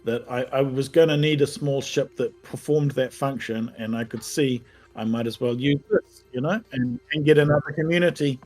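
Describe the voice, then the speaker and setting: A man answering questions about his game in an easygoing, thoughtful manner, often pausing to find his words. His voice sits in a middle pitch. Faint music plays in the background. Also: a little mellow. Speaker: game developer, guest. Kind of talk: casual interview answers.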